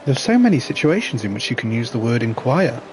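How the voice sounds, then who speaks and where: A man's voice: medium pitch, big pitch swings, brisk, slight background noise. Chatty man commentating races. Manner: chatty, rambling, dry humour. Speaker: race commentator. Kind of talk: casual live race commentary.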